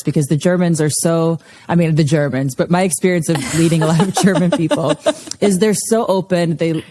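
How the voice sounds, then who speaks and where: A woman's voice: low-pitched, dark tone, big-room sound. A woman yoga teacher, a podcast guest, telling stories in casual chat and laughing often.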